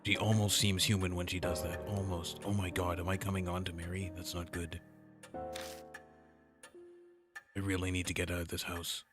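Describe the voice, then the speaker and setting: Deep-voiced jokey male streamer. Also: level tone, normal speed, pauses often. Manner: jokey, playful asides. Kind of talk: reading a horror visual novel aloud. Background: game music.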